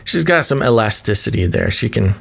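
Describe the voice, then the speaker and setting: A man's voice: fairly low pitch, sing-song, brisk, gravelly, fairly bright tone, breathy edge. Sarcastic man in podcast banter. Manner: sarcastic, mock-reads statements with wry asides. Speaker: podcast co-host.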